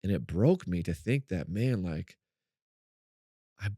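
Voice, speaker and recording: A man co-hosting a faith-based podcast, telling a personal story in an animated way and acting out what people said. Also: slow, breathy edge, dry recording, studio quality. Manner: animated storyteller, acts out quotes in a high voice. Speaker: podcast co-host.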